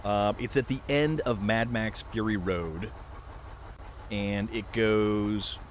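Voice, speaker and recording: A man's voice: lowish voice, slow, slight background noise. A man live-streaming a game, chatting loosely with viewers, joking and reading out the chat. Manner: rambling, jokey, reads chat aloud.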